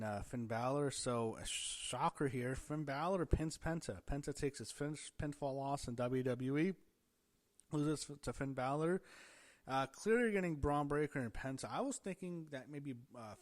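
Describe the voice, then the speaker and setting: Casual rambling wrestling recap guy. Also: mid-range voice. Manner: rambling, thinks aloud with fillers and restarts. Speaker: wrestling show reviewer.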